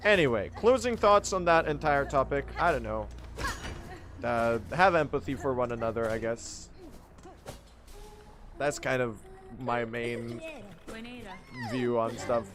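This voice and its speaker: A hoarse young man streaming a game, chatting casually with his viewers, laughing often and breaking into loud exclamations. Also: mid-range voice, measured pace, pauses often, music in the background. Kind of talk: casual live-stream chat over gameplay.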